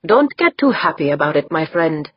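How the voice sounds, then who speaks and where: A woman's voice: deep voice, sing-song, normal speed, husky, dry recording, heavily acted. A woman voicing a stern, stony male scientist in an audiobook reading. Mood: grave. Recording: dull, dry lo-fi recording.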